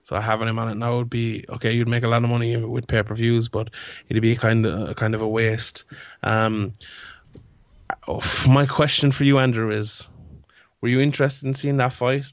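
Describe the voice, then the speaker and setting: A young man hosts a casual sports podcast chat, rambling through his points with plenty of fillers and self-restarts. His voice sits at an ordinary middle pitch for a man. The sound is close and dry on a podcast mic. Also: flat delivery, moderate pace, no room sound. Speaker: podcast host.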